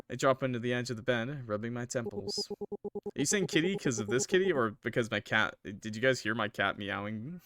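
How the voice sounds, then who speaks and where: A man's voice: mid-range voice, sing-song, brisk, a bit bright, dry recording, studio quality. A man streaming, reading a visual novel aloud with casual, jokey asides.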